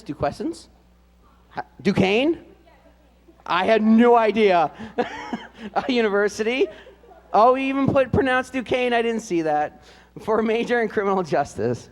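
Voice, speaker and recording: A man announcing seniors at a live school band event, reading their notes aloud with fillers and light joking asides. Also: high-pitched. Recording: long hall reverb.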